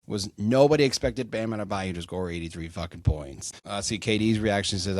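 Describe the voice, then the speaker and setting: A man's voice: lowish voice, expressive, moderate pace, no echo. A young man hosting a solo sports podcast, rambling casually with lots of fillers and swearing. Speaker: podcast host.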